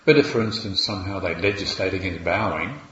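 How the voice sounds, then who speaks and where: A man speaking as a Buddhist teacher in a dharma talk, measured and reflective, with small restarts. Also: low-pitched, fairly bright tone. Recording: echoey room, dull lo-fi sound.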